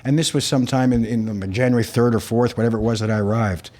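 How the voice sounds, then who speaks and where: A man's voice: medium pitch, fast. An older man, an actor being interviewed, telling stories about his life and acting out the dialogue in them. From snowy northern region of the country. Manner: animated storyteller, acts out quoted dialogue. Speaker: guest, actor. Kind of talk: interview storytelling.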